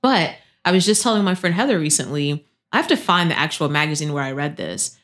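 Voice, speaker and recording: Lively thirties woman chatting on a podcast. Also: fairly quick. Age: 30s. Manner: animated storyteller, acts out quotes with pitch jumps. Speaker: podcast co-host. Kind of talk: casual chat.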